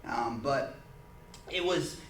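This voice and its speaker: Earnest, halting man leading church teaching. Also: medium pitch. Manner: earnest, halting, with many restarts. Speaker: church group leader. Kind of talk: informal church teaching with personal story. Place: church meeting room. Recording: echoey room, mic far off, faint hiss.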